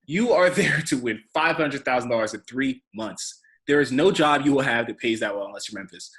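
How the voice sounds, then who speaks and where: A man's voice: medium pitch, expressive, vocal fry, fairly bright tone. A man co-hosting a podcast, chatting casually and giving blunt, opinionated takes. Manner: blunt and opinionated, quick-talking. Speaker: podcast co-host. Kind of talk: casual chat.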